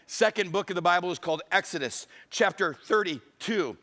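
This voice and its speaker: High-voiced, joking male pastor. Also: moderate pace. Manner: humorous, storytelling, animated. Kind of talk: sermon.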